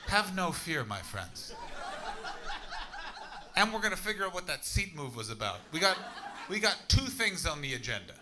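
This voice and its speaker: A Canadian man in his thirties doing stand-up crowd work on a comedy club stage, loud and sweary, bursting into shouts. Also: fairly high pitch, very animated, normal speed, long pauses. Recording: audible crowd noise.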